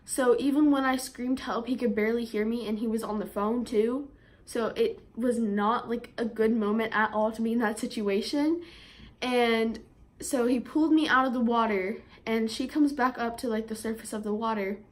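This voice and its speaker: A young woman vlogger telling a story in a chatty way, with lots of fillers, and getting animated when she quotes herself. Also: a little high, normal speed. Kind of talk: storytime vlog.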